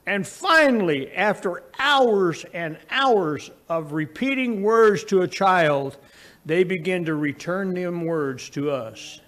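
High-voiced preacher telling homey stories. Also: male voice, expressive, slow. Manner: folksy storytelling, swings from raised emphasis to low quiet asides. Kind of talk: sermon.

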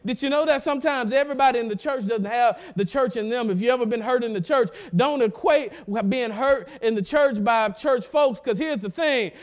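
Middle-aged pastor, notably high voice, emphatic sermon delivery. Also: male voice, brisk, hardly any pauses. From central Mississippi. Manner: emphatic preaching, repeats words, warm laughs.

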